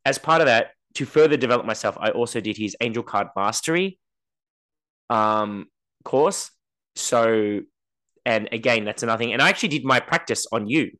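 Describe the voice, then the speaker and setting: A man chats casually on a podcast. His voice sits at a middle pitch. He tells stories in an animated way and keeps jumping into the voices of the people he quotes. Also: moderate pace. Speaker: podcast co-host.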